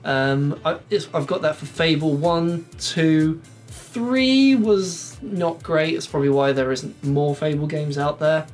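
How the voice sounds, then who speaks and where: A man's voice: a little high, flat delivery, moderate pace, few pauses, faint music behind. A man from England chatting casually on a podcast, rambling and laughing often. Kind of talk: casual chat. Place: shed studio.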